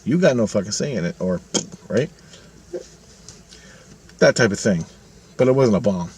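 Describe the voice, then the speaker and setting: A man's voice: on the low side, expressive, normal speed, darkish tone, a little hiss or hum. A man in his fifties telling a personal story in a casual, rambling monologue, swearing freely and retelling it animatedly. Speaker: vlogger.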